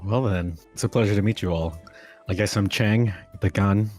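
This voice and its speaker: Man as a terse hired gunman, low, flat delivery. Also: normal speed, soft background music, natural voice. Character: blunt male hired gunman.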